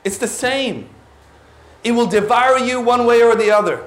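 Man in his forties, animated preacher, very high voice, echoing church hall. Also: normal speed. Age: 40s. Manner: animated, exclaiming, drops in Tagalog words. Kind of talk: sermon.

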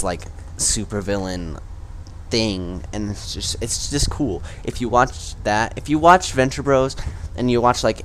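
A man hosting a solo podcast, rambling casually with lots of fillers and quick laughing asides. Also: deep voice, a little hiss or hum. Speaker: podcast host.

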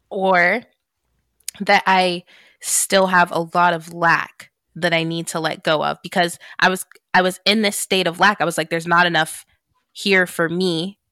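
A woman's voice: fairly low pitch, steady tone, a little slow, sharp tone, no room sound, clean studio sound. A woman hosting a podcast, chatting casually and telling a story with plenty of swearing and laughter. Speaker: podcast host. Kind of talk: casual chat.

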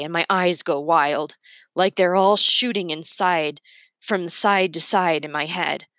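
A woman reading a novel aloud in a slow, emotional first-person storytelling manner. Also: lowish voice, fairly bright tone, no room sound. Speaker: read-aloud narrator.

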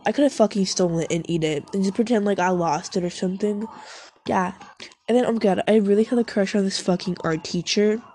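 A woman's voice: medium pitch, mellow, a little hiss or hum. A young woman rambling casually to herself, swearing a lot, making self-mocking asides, and short of breath.

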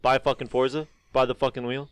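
A man's voice: medium pitch, little pitch movement, fairly quick, clean tone, dry recording. A young man in casual, profane banter with friends, joking and laughing often.

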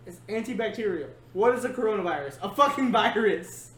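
A man's voice: sits high, animated, brisk, a bit bright. A man hosting a casual podcast chat, joking and laughing often as he rambles. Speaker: podcast host. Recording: echoey room, faint noise.

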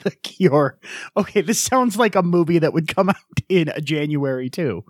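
A man co-hosting a podcast in casual chat, jokey and quick to riff on what he hears. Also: on the high side, expressive, no echo, studio quality. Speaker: podcast co-host.

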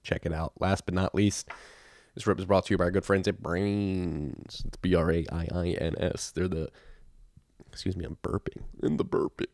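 A man's voice: sits low, steady tone, moderate pace, a little mellow, no room sound, clean studio sound. A man hosting a podcast, reading sponsor spots in a loose, offhand way and spelling out web addresses. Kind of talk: casual ad read.

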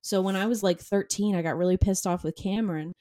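A woman's voice: medium pitch, steady tone, quick pace, warm tone, no room sound, clean studio sound. A young woman telling childhood stories in casual chat, laughing often and acting out the people she quotes.

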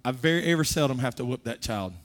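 Preaching father, soft to loud. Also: mid-range voice, animated, quick pace. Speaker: pastor. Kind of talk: sermon.

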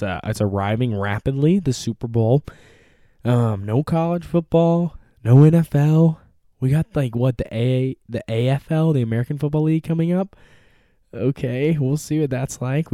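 A young man hosting a casual sports talk show, energetic and rambling, with many fillers and restarts. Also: mid-range voice, no room sound, clean studio sound. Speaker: podcast host.

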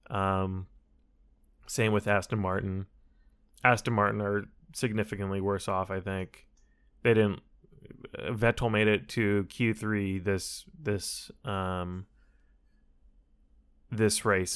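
A man's voice: lowish voice, fairly bright tone. A man talking casually to his audience about a motor race, rambling and correcting himself as he goes. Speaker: solo racing commentator. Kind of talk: casual chat.

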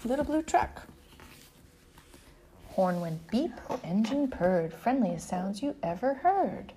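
A woman reading picture books aloud to a toddler in a playful, sing-song way, sometimes dropping to a hush. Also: medium pitch, big pitch swings, slow pace, a little hiss or hum. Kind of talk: animated picture-book read-aloud.

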